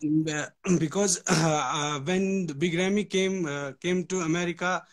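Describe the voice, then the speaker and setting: A man from Kashmir with an Indian accent, calling in to a live stream. He is polite and eager, hesitating often with fillers and restarts as he speaks. His voice is a little high for a man. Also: steady tone, measured pace, crowd noise. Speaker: caller.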